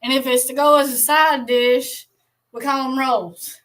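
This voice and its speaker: Alabama woman, bright and a touch high, folksy live-stream co-host. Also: fairly even intonation, a little slow, rough recording. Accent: Southern American, Alabama. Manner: folksy drawl, reads out chat comments. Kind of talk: casual chat.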